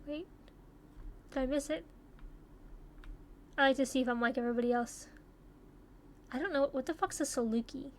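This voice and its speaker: A young woman chatting casually as she takes online quizzes, swearing freely and thinking out loud. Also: high voice, moderate pace, long pauses, a little hiss or hum. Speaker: YouTuber taking online quizzes. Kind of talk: casual commentary while playing.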